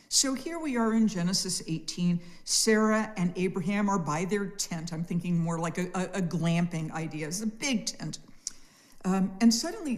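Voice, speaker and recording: Middle-aged woman, church adult-class teacher, lively storyteller with wry humor, slightly low voice.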